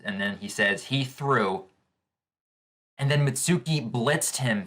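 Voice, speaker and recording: Bright-voiced male manga reaction host. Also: medium pitch. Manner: eager, describes panels as he reads. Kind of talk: live manga reading reaction.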